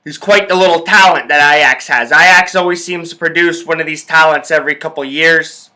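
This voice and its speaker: Young male sports-talk host, bright forceful tone, profane ranting delivery, slightly higher voice. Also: brisk. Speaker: podcast host.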